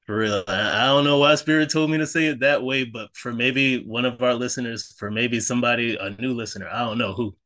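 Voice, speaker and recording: A man's voice: medium pitch, steady tone, brisk, few pauses, bright, forceful tone. A man co-hosting a podcast in a casual, earnest way, encouraging listeners with faith-driven talk and many fillers and self-corrections. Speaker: podcast co-host.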